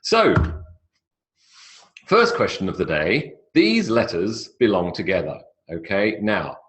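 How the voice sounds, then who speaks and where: A man's voice: low voice, very animated, a little slow. A man giving a live online English pronunciation lecture in a chatty, explanatory way. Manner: chatty, explanatory, stretches words for emphasis.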